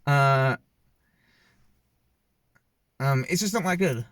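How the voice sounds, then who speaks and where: A man's voice: medium pitch, very slow, a bit bright, no echo. A man giving a casual, rambling movie review with many fillers and restarts. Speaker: film reviewer.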